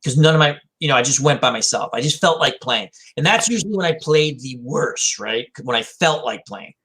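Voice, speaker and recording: A man's voice: mid-range voice, lively intonation, brisk, fairly bright tone. A man hosting a casual chat, rambling through self-deprecating stories. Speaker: host. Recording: faint background noise.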